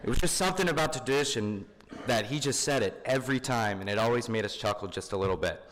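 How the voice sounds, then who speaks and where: A man's voice: mid-range voice, quick pace, a bit bright. A young man speaking at his grandfather's funeral, informal and full of fillers. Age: young adult. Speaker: grandson giving a eulogy. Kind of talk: funeral eulogy. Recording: long hall reverb.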